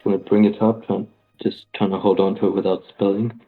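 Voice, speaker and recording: A man taking part in a tabletop game, calmly walking through what his character does. His low, flat voice comes through a tinny, phone-like line. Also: fairly quick, faint music behind. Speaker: player. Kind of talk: describing his character's actions.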